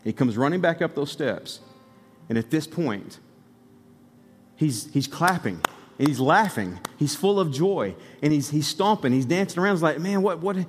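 Pastor preaching in a reverberant hall. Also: male voice, on the high side, normal speed, a little hiss or hum. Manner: storytelling, rising to excited exhortation. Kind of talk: sermon.

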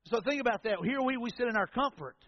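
A pastor with a notably high voice delivers a folksy, conversational sermon to his congregation. His words ring with long reverb through a large church hall. The recording itself sounds dull and lo-fi. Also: animated, quick pace, slight background noise. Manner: folksy, conversational preaching with storytelling asides.

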